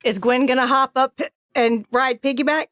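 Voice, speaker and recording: A woman's voice: high voice, steady tone, moderate pace, fairly bright tone, no room sound, clean studio sound. A woman player in a tabletop role-playing game, talking casually with a giggly, playful manner.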